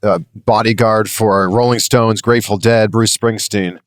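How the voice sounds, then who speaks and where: A man's voice: lowish voice, steady tone, a little slow, no room sound, studio quality. A man hosting an interview, asking eager, prompting questions. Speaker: interview host.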